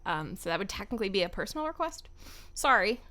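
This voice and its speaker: A woman's voice: mid-range voice, sing-song, quick pace, sharp tone. A woman streamer in casual live-stream chat who is giggly and rambling, with lots of ums. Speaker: streamer and voice actor.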